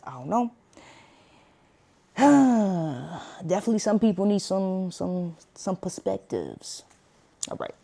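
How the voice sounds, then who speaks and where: A woman with a New York accent giving casual reaction commentary as a streamer. She talks in slang, breaks into laughs between points, and jumps up into high asides. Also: very animated, takes it slowly, gravelly, long pauses, warm tone.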